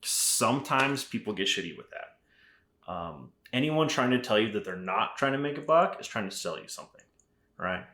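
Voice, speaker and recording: Very animated, with a lowish, pushed and bright voice at normal speed, a middle-aged Arizona rifle company founder spins rambling, profane tales as a podcast guest. Fillers crowd his casual talk, and the recording carries a roomy echo.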